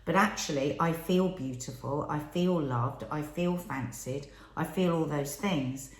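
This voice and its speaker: A woman's voice: deep voice, a little slow. A middle-aged woman with an earnest, reflective manner, co-hosting a candid podcast chat with her partner. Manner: earnest, reflective, quotes herself in asides. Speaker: podcast co-host. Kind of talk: candid couple's conversation. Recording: echoey room.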